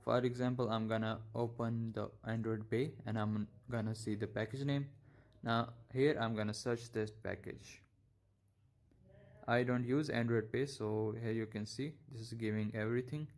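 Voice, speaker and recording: A young man hosting a tech tutorial, narrating each step casually with halting, stumbling phrasing. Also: mid-range voice, fairly even intonation, a little mellow. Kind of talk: screen-recorded software tutorial.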